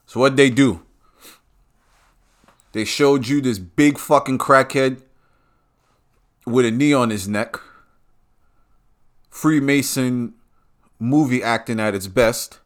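A man's voice: medium pitch, takes it slowly, long pauses. A man delivering a heated, profane and repetitive ranting monologue.

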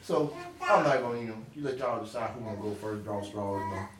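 A man's voice: on the low side, fast. A man hosting a podcast interview, joking and laughing often in a casual chat. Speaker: podcast host. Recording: roomy, distant mic with faint noise.

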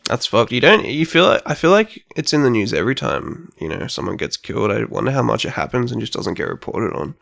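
A young man co-hosting a podcast, talking casually and thinking aloud with pauses. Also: medium pitch, sing-song, gravelly, a bit bright. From Australia. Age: young adult. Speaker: podcast co-host. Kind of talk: casual chat.

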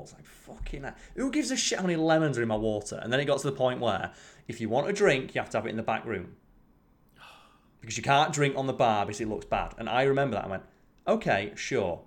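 A man in casual chat, telling work stories in an animated way and acting out his old bosses, with plenty of swearing. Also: medium pitch. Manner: animated storytelling, acts out quoted bosses; swears freely.

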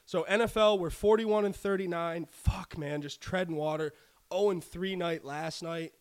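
A young man co-hosting a podcast, chatting casually about sports betting, swearing often and rambling with excitement. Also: high voice, normal speed, clear, resonant tone. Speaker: podcast co-host.

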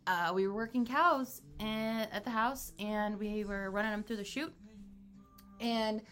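A woman's voice: medium pitch, a little slow, a bit bright, faint music behind. A young woman co-hosting a podcast, chatting casually with dry humor and frequent laughter. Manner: laid-back, dry humor, laughs often. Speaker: podcast co-host. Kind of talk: casual chat.

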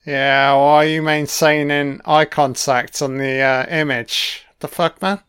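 Slow, smooth-voiced swearing film commentator. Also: male voice, fairly high pitch, steady tone, fairly bright tone. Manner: laid-back, profane running remarks. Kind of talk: casual audio commentary over a film.

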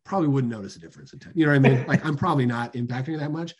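In his thirties, this man co-hosts a casual chat podcast, telling loose stories and cursing as he jokes. He talks at a racing pace in a mid-range voice with a breathy edge.

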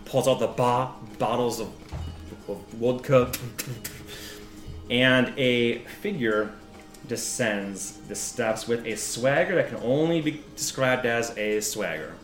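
A man narrating as game master in an animated, rambling way. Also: medium pitch, slow, roomy sound, soft background music. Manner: animated, rambling, with frequent laughs and restarts.

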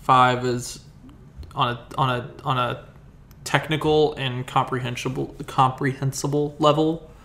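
A man's voice: medium pitch, fairly even intonation, unhurried, fairly bright tone, slight background noise. A man in a casual movie review chat, rambling and profane, often restarting his sentences.

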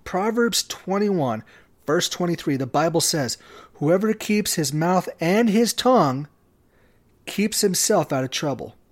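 A man giving a devotional talk, his voice sitting a little high. He takes his time, speaking slowly and pausing often between phrases. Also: expressive. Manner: slow, measured delivery with long pauses. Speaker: podcast host.

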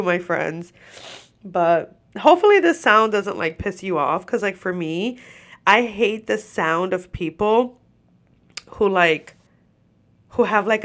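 With a medium-pitched, animated, slightly bright voice, she takes her time as she rants casually on her podcast. The host sounds stuffy-nosed and short of breath, swearing freely and laughing into a microphone while seated.

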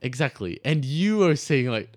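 A man's voice: mid-range voice, big pitch swings, normal speed, darkish tone. Young man chatting, stumbling over words. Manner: stumbling restarts, says "bro". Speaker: podcast co-host. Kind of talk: casual chat.

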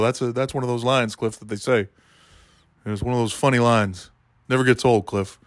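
A man doing a rambling, deadpan comedy monologue, talking to a listener by name as he goes. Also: mid-range voice, moderate pace, no echo, studio quality. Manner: meandering, deadpan, keeps addressing a listener by name.

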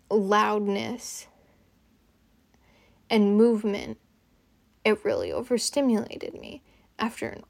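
A young woman hosting her own podcast, rambling casually and haltingly, with lots of "like" fillers. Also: mid-range voice, darkish tone. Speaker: podcast host.

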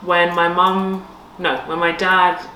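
A woman co-hosting a casual podcast, chatting in a relaxed, candid way with a slightly low voice. She sits a little back from the mic, so she sounds roomy and echoey with faint background noise. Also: slow, recorded from a distance. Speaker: podcast co-host. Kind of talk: casual chat.

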